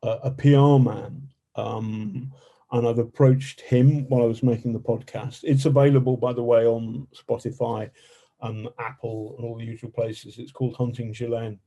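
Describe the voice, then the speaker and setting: A man guesting as a journalist on a podcast, talking in a halting way with many fillers and restarts. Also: mid-range voice, little pitch movement, dark tone. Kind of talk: podcast interview.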